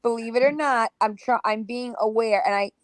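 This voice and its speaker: A woman chatting casually, speaking slowly and carefully. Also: a little high, dry recording, clean studio sound. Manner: self-aware, tries to talk slow. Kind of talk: casual chat.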